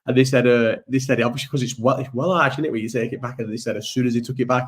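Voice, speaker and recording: A man's voice: medium pitch, steady tone, racing, few pauses. Rambling sweary man chatting. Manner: rambling, sweary, laughs often. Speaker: live-stream chat host. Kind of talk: casual live-stream chat.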